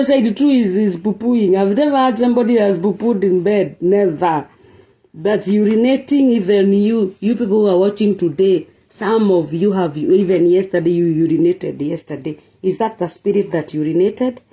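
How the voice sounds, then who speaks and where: A woman with a mid-range, dark-toned voice hosts a relationship talk show, lecturing her viewers in a preachy monologue. She leans on rhetorical questions and emphatic repetition.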